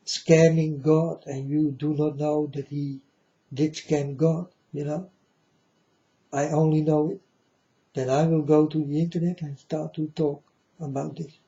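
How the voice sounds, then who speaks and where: A man giving a preachy monologue to his viewers, halting often and grandly addressing them as folks. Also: on the high side, level tone, warm tone. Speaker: self-styled preacher vlogger. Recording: dull lo-fi recording.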